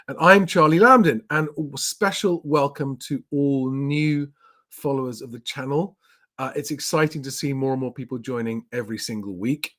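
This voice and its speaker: A man's voice: medium pitch, a bit bright. A man hosting his property channel live, rambling and chatty as he runs through the week's news. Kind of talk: casual live commentary.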